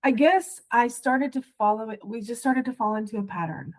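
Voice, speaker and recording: A middle-aged woman tells her story as a podcast guest. Her voice sits a little high, and she speaks in halting, emotional bursts, often breaking off and starting her sentences again. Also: a little mellow, poor audio. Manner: halting, emotional, many restarts. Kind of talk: personal storytelling.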